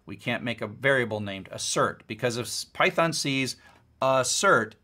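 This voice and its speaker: A middle-aged man teaching a recorded course lecture, his voice bright and forward. He explains in a relaxed, conversational manner and leans on playful everyday examples to make a point. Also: mid-range voice, normal speed. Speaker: university lecturer.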